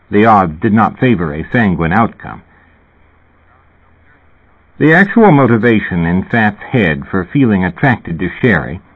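A man reading a novel aloud in measured, dry scripted narration. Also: fairly low pitch. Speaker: audiobook narrator. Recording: tinny phone-like recording.

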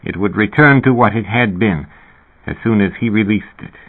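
A man narrating a novel in a measured, even reading. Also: lowish voice. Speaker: audiobook narrator. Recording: narrow, phone-like sound.

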